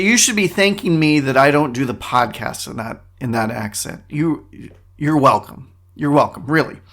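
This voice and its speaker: A man's voice: on the high side, a bit bright. A man hosting his own podcast, delivering a comedic monologue with sarcastic, mock-boastful asides. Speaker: podcast host.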